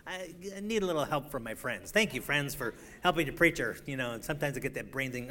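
A middle-aged man preaching a sermon, swinging between loud emphatic declarations and quiet, joking asides. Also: fairly high pitch, lively intonation, brisk.

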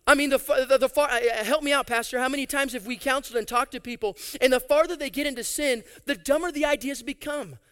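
A man preaching a sermon, reading scripture aloud and adding animated, sarcastic asides. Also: very high-pitched, quick pace, hardly any pauses, clean tone. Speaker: pastor.

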